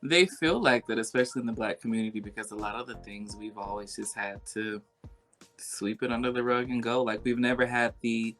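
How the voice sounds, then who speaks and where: A man hosting a podcast conversation, reflective and measured as he asks questions. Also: on the low side, fairly bright tone, soft background music. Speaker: podcast host. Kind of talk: casual interview conversation.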